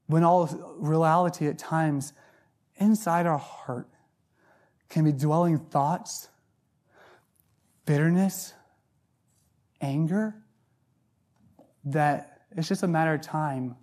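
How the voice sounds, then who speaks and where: A middle-aged man preaching a sermon, telling a personal story in an animated way and often repeating words as he starts a sentence. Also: a little high.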